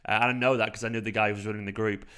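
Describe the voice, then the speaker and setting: A man's voice: fairly low pitch, racing, clear, resonant tone. A young man with a light Manchester accent, rambling and swearing freely while hosting a casual football fan live stream. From South Manchester, England. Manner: rambling, animated, swears freely, frequent fillers. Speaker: football fan channel host.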